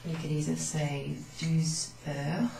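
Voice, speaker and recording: A woman's voice: low-pitched, level tone, takes it slowly, gravelly, mellow, slight background noise. A woman teaching a beginners' French recap, explaining patiently and switching between English and French. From Wales. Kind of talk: relaxed classroom recap lesson. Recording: echoey room with faint background.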